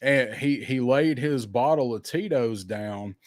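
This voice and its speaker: Southern male podcast co-host, lively storyteller, swears, dry close sound. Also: mid-range voice, unhurried, no echo. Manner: animated storyteller, swears freely, acts out quotes. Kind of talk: casual storytelling chat.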